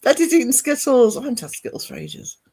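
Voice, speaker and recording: A man's voice: extremely high pitch, huge pitch swings, fast talker, dark tone, breathy edge. A man, hosting a casual art livestream and chatting rambly with viewers.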